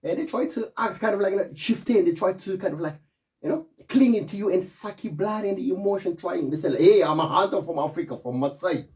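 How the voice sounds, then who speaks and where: A man's voice: high voice, brisk. A middle-aged man talking in a rambling, digressive monologue, often calling the listener "my friend". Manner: animated, keeps saying "my friend", digressive.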